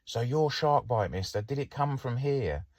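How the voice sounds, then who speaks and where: Gushing wide-eyed kids, high and breathless, as a man puts them on, dry sound. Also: lively intonation, normal speed, darkish tone, no echo, close to an everyday voice. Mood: eager. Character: excited young kids by a canal.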